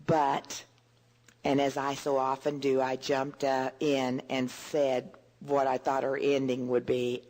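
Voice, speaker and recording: An older woman giving an earnest, gentle devotional talk to women, often repeating words as she searches for the next one. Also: very deep voice, monotone, slow. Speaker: women's Bible teacher.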